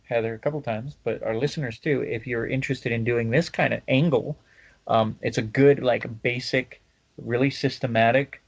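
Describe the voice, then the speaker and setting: A man hosting a podcast, chatting casually and rambling with many pauses and fillers. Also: mid-range voice, dull audio. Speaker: podcast host. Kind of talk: casual chat.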